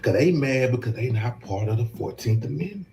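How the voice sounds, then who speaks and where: A man on a panel podcast making emphatic, repetitive points, slowing down to stress them. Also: mid-range voice, lively intonation, darkish tone, slight background noise. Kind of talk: casual political discussion.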